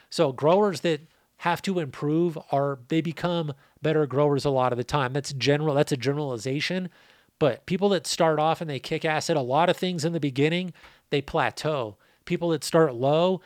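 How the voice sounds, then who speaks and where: A man's voice: a little high, no room sound, studio quality. A man hosting a casual podcast, answering listener questions in a laid-back, profane, rambling way, his voice worn out. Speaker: podcast host.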